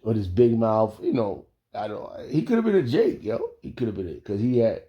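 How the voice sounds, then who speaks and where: A man telling a casual story, animated and profane, laughing often. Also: lowish voice, normal speed, highs cut off.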